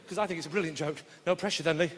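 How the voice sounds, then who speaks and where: A man's voice: fairly high pitch, rapid-fire. A man doing live stand-up comedy, bantering with the audience in a brash, sweary way. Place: large theatre, live audience. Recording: roomy live theatre with loud crowd.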